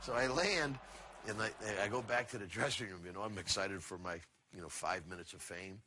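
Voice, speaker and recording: An older man, a former wrestler, telling a backstage story in a casual, animated way and acting out the other people's voices. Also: on the low side, fairly quick, a little hiss or hum. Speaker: retired wrestler. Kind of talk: anecdotal storytelling.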